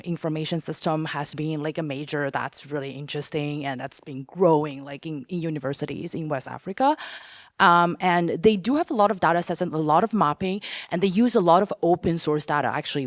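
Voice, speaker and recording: Woman on a panel, kinda low voice, lots of ums and restarts, dry mic. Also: dry recording. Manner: hesitant, many fillers and restarts. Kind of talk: conference panel talk. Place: conference room.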